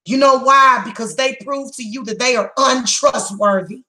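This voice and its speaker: A woman's voice: a little high, moderate pace, pushed and bright, rough recording. Blunt, heated woman psychic reader. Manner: emphatic, blunt, heated and repetitive. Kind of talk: tarot reading monologue.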